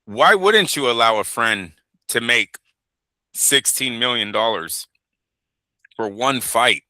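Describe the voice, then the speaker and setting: A man's voice: medium pitch, animated, slow pace, sharp tone, dry recording. A man co-hosting a boxing talk show, chatting casually and profanely, rambling through stories and acting out quotes. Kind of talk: casual podcast chat.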